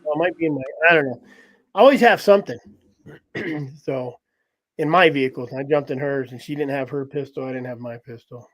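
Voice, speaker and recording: In a medium-pitched voice that moves fairly quickly, a man tells a story as a podcast host during casual talk. He's animated, laughs a lot, and acts out what others said.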